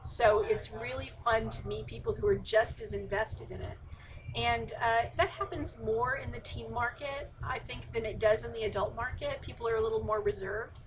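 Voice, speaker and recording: A woman's voice: a little high, fairly even intonation, moderate pace, crowd noise, low-quality recording. A woman author in a casual online Q&A, reading out audience questions and answering them chattily with plenty of fillers. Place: indoors, remote live stream.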